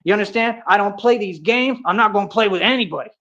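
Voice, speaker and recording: A man's voice: sits high, fast talker, sharp tone. A man on a livestream, ranting in a confrontational, boastful way, full of street slang and 'bro' and 'real talk'. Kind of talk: heated livestream rant. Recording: dull lo-fi stream audio.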